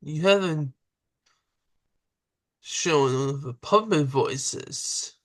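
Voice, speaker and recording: A man hosting a podcast from his room, asking interview questions in a halting, drawn-out way. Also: a little high, fairly bright tone, no room sound. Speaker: podcast host.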